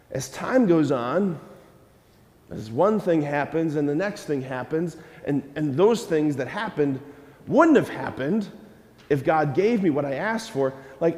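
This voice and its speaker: A man, a Catholic priest, preaching a lively homily, animated and questioning the congregation. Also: fairly high pitch, unhurried. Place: church. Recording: long church reverb.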